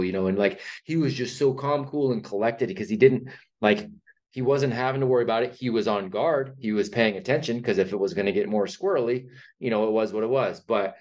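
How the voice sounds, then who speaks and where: A man hosting a podcast, telling anecdotes in animated casual chat. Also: mid-range voice, fairly quick. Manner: animated storytelling. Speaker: podcast host.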